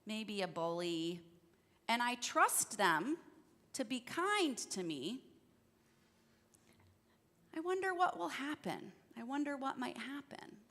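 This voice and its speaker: A woman leading a church service, telling a fable gently and asking her listeners questions. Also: fairly high pitch, sing-song, slow, long pauses. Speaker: worship leader. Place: church sanctuary. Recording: church hall reverb.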